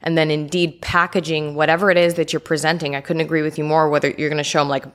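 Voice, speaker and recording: Low-voiced woman talking real estate. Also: flat delivery, fast talker, fairly bright tone. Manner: thoughtful, restarts phrases often. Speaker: real estate agent guest. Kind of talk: casual business chat.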